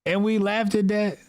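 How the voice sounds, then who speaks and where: Animated mocking man on a podcast. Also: sits high, dry recording. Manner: animated, mocking, mimics others. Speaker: podcast co-host. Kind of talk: casual podcast commentary.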